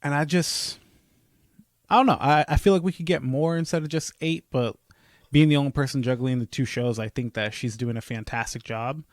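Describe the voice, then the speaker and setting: A young man co-hosting a casual podcast chat, rambling and animated, slipping into quoted asides as he rants. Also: medium pitch, brisk, no room sound, clean studio sound. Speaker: podcast co-host.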